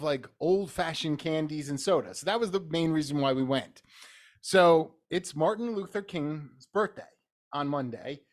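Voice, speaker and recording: Rambling, self-mocking man co-host. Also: a little high. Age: middle-aged. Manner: rambling storyteller, laughs at himself. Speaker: podcast co-host. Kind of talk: casual chat.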